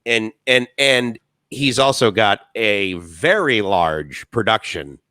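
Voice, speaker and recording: A talkative man chats enthusiastically on a live stream and tells animated stories. His voice is low but bright and forceful, and the recording is dry and close. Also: slow pace, no room sound. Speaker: co-host. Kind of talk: casual live-stream chat.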